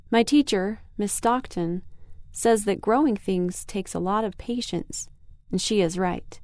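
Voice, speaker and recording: A woman in a medium voice narrates a children's story in an expressive first-person style. The sound is dry and close. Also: mid-range voice, no room sound. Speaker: audiobook reader.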